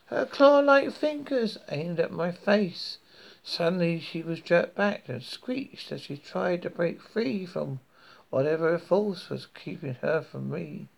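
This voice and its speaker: A British man reading a horror story aloud in a slow, measured way, with occasional slips and restarts. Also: high-pitched, expressive, creaky.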